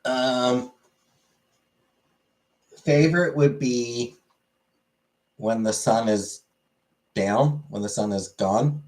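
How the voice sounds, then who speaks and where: A man answering casual questions in a podcast chat with dry, deadpan humor. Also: mid-range voice, very slow, pauses often.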